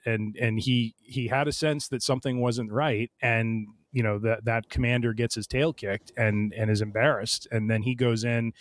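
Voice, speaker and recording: A man's voice: medium pitch, fairly even intonation, moderate pace, few pauses, dry recording. A man hosting a podcast, chatting casually about books in a rambling way, full of restarts and fillers. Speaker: podcast host. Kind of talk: casual book discussion.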